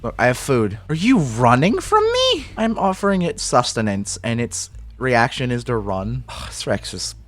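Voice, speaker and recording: A man's voice: mid-range voice, huge pitch swings, unhurried, hardly any pauses, fairly bright tone, no room sound. Young man, gaming creator, casual mid-range voice, exasperated cursing commentary. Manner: exasperated, profane, talking to in-game animals. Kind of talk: casual gameplay commentary and narration.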